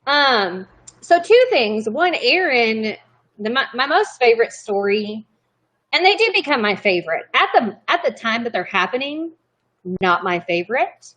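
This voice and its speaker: A woman's voice: a little high, big pitch swings, unhurried, fairly bright tone. A young woman guest telling family stories in casual chat, chatty and often interrupting herself. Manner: chatty, self-interrupting, apologetic.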